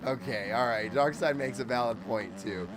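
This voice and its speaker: A medium-pitched man at a moderate pace chats loosely while live-streaming a motocross game, the motorbike engine noise audible in the background. His gaming talk is casual, rambling and sweary, dotted with "like" and "dude."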